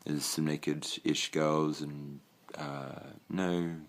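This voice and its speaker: Casual room-tour vlogger: young Australian guy, deep voice, meandering and sweary. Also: level tone, takes it slowly. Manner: rambling, swears casually, trails off with fillers. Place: own bedroom.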